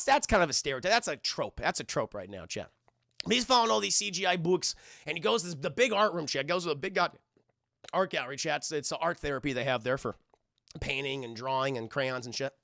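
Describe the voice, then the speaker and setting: Gravelly high-voiced streamer rambling to chat. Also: male voice, fairly bright tone, dry recording, studio quality. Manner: rambling, profane, keeps addressing chat. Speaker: streamer reviewing a TV episode. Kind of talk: casual live-stream commentary.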